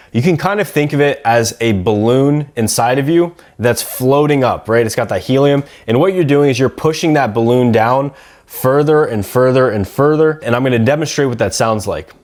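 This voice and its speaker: Dating coach, male, mid-pitched, calm and steady teaching delivery. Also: moderate pace. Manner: calm, steady, demonstrates vocal exercises. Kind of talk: instructional talk.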